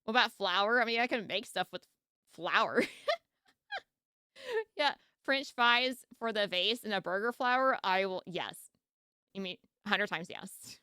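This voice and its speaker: A woman's voice: medium pitch, measured pace, pauses often, sharp tone, clean tone, dry recording, clean studio sound. A woman streaming a casual reaction, chatty and rambling, with frequent giggles and restarts.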